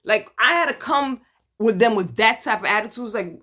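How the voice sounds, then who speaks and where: A middle-aged Brooklyn woman with a Brooklyn accent, talking fast and hyper in a candid video diary. Her voice is bright and forceful and sits on the high side, and she swings dramatically in pitch and loudness for emphasis. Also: animated. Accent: Brooklyn, New York. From Brooklyn, New York. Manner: hyper and talkative. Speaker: vlogger sharing her cancer journey.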